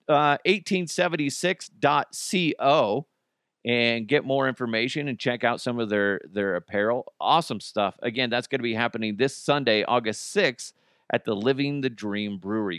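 A man's voice: mid-range voice, a bit bright, no room sound, studio quality. A middle-aged man hosting a casual solo podcast, talking bluntly with profanity and sarcastic asides. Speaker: podcast host.

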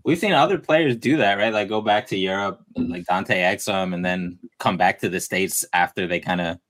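A man with a New York accent hosting a casual podcast, relaxed and chatty, laughing easily with his guests. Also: deep voice, moderate pace. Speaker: podcast host.

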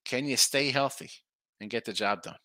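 A middle-aged man with a medium-pitched, sharp voice talks at a normal speed, with no room sound. He hosts a casual live sports betting stream, rambling through his picks, interrupting himself, tripping over words, and reading viewer chat comments aloud.

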